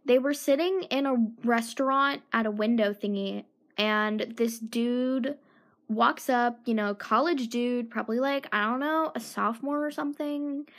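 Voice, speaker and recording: A woman's voice: fairly high pitch, a little slow. A teenage girl talking casually in a solo podcast, chatty and self-mocking, turning indignant when riled up.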